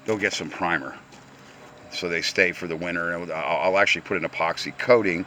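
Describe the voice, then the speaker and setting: A man's voice: deep voice, sharp tone, a little hiss or hum. An older retired man from the Pocono Mountains with a slight Pennsylvania Dutch accent, rambling bluntly and profanely in a casual workshop vlog, worn out from the heat. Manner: gruff, blunt, profane, repeats words. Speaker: retired truck restorer. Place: home workshop.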